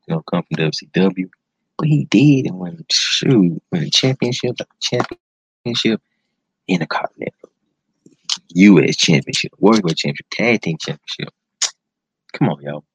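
A man talks fast and loose on a casual solo podcast, full of slang and excited repeats. His voice sits low but swings widely up and down. The sound is dull and lo-fi, close and dry. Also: creaky, husky. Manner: enthusiastic, slangy, repeats words for emphasis. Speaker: podcast host.

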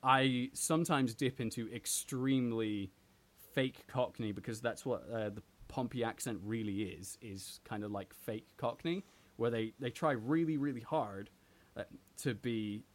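A man's voice: mid-range voice, a little slow. A young British man raised partly in America, with a mixed British and American accent, chatting as a podcast guest and explaining at length with many fillers. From Britain, raised partly in the US. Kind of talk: casual chat.

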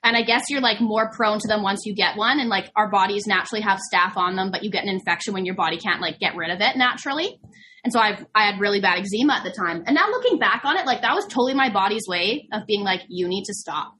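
A woman's voice: medium pitch, animated, quick pace, bright, forceful tone. A woman in casual conversation, chatty and candid, leaning on "like" and laughing easily.

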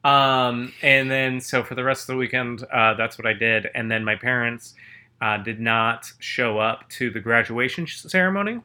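A groggy man, fresh from a nap, co-hosts a podcast at a normal pace in a bright, forceful mid-range voice. His casual chat rambles through stories, and he keeps interrupting himself to begin sentences again.

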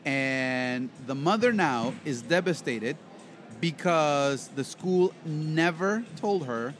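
A man's voice: a little high, lively intonation, slow, slight background noise. A man co-hosting a casual podcast chat, a professional interpreter who tells rambling stories and jokes around. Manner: rambling, joking storyteller. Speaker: podcast co-host.

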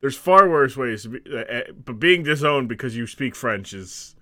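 A man's voice: mid-range voice, lively intonation, normal speed, fairly bright tone, no echo, clean studio sound. A man hosting a casual podcast chat, joking, laughing often and acting out silly voices. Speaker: podcast host.

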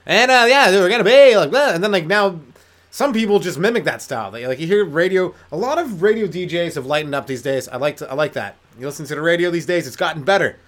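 A man's voice: fairly high pitch, expressive, fast, fairly bright tone. A man hosting his own comedy podcast, rambling through riffs and slipping into silly voices. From Canada. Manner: riffing, slips into silly put-on voices and sung bits. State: high on weed. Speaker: stand-up comedian and podcast host. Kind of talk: rambling solo comedy rant.

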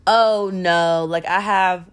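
A woman's voice: on the low side, fairly even intonation, takes it slowly, clean tone. Woman doing a flustered, firm woman. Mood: exasperated. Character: shocked woman desperate to get rid of a guest.

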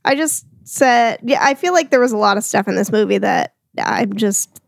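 A woman's voice: medium pitch, animated, moderate pace, creaky, no room sound. A young woman co-hosting a movie podcast in casual, chatty talk full of likes and ums. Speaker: podcast co-host.

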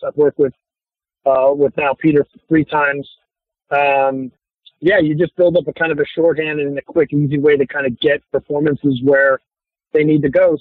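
A man from Chicago, a guest actor chatting casually in an interview, relaxed and rambling with many restarts, over a thin phone-like line. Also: a little high, no echo. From Chicago, USA.

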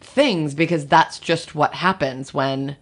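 A woman's voice: low voice, slow. A woman comedian as a podcast guest in casual chat, reflective and thinking aloud. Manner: reflective, thinks out loud with many "like"s.

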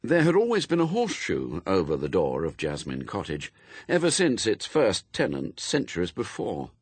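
Wry low-voiced male narrator. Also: normal speed, breathy edge, no room sound. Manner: wry, expressive storytelling. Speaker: audiobook narrator. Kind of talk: scripted narration.

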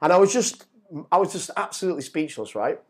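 A middle-aged man telling a story as a guest, animated and swearing, often repeating words as he gets excited. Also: sits high, quick pace. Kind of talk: casual storytelling.

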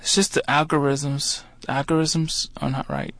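A man's voice: a little high, little pitch movement, normal speed, fairly bright tone, no echo. A man co-hosting a comedy radio show, earnest and hesitant, filling his talk with ums and likes. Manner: earnest, hesitant, filler-heavy.

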